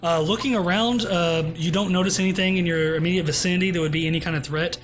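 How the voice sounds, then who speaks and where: High-voiced man running a tabletop game. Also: fairly even intonation. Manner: halting narration full of uh fillers. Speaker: game master.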